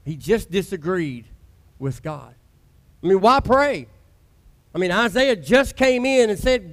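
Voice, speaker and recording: A male pastor preaches in a loose, conversational way with a strikingly high voice. He leans hard on key words and lets dramatic pauses hang. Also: lively intonation. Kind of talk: sermon.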